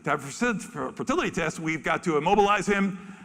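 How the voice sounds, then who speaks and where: A man giving a lively, storytelling talk from an expo stage as a zoo spokesperson, acting out animals in funny voices. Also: a little high, fast. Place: expo main stage in a large hall. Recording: reverberant large hall.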